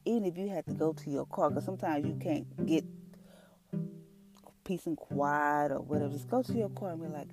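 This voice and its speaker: A woman's voice: on the low side, fairly quick. A woman in giving a casual, earnest devotional talk as a podcast host, colloquial and full of fillers. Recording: music bed behind voice.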